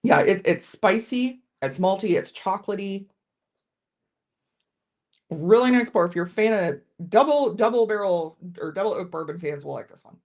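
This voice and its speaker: A woman's voice: mid-range voice, animated, moderate pace, a little mellow. A woman hosting a casual live-stream whiskey tasting, chatting with viewers and often restarting her sentences.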